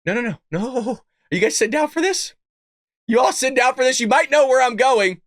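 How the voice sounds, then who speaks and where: A man hosting a political commentary livestream, mocking and excitable, often laughing and cursing in disbelief. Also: extremely high pitch, fairly quick, no room sound, clean studio sound. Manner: mocking, excitable, repeats lines. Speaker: show host.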